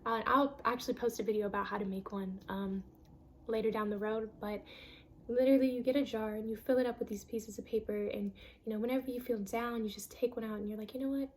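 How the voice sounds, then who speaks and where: A woman's voice: on the high side, steady tone, a little fast, a little hiss or hum. A woman giving an earnest, emphatic self-help talk on a vlog, repeating phrases for stress. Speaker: vlogger.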